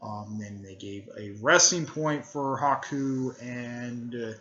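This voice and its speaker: A man's voice: mid-range voice, slow pace, bright, forceful tone, dull audio. Rambling man retelling a fan story. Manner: hesitant, full of fillers and "there".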